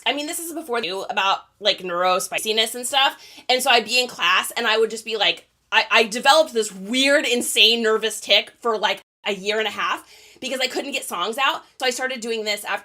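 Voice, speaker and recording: A woman hosts a casual live stream as she packs up sold items. Her voice sits a little high and rings bright and forward. She chats loosely and laughs often, drifting into side stories. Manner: chatty, laughs often, rambling asides. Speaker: reseller hosting a live stream. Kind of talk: casual live-stream chat while packing orders.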